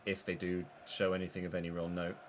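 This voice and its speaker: A young man streaming live, chatting through his football game and breaking into excited shouts between muttered asides. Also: low-pitched, fast, soft background music. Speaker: gaming streamer.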